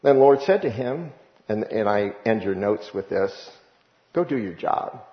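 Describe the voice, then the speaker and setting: Pastor preaching in an echoey church. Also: male voice, fairly low pitch, moderate pace. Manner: animated, conversational preaching with laughs and asides. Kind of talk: sermon. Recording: echoey room, dull lo-fi sound.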